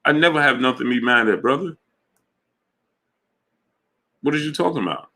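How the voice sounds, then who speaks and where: A man hosting a boxing livestream, talking casually to his chat in an animated, emphatic way, often repeating himself. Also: mid-range voice, moderate pace. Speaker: boxing show host.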